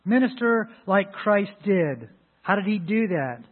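Male pastor, higher voice, preaching with emphatic bursts; thin phone-like recording. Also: very animated, measured pace. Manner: emphatic preaching with many restarts and sudden loud rises. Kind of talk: sermon. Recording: phone-like lo-fi line.

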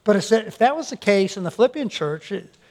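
A man's voice: high voice, lively intonation, fast talker, a little mellow. A male pastor preaching a sermon, earnest, often repeating words as he restarts his sentences.

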